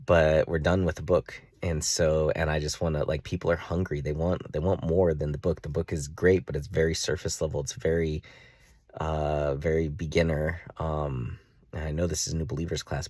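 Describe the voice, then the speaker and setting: A man telling a long personal story in a casual vlog, rambling with many fillers and jumping into a high, excited voice when he acts out his own reactions. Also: moderate pace, dry recording, clean studio sound. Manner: jumps to a high excited pitch when reenacting himself. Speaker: vlogger.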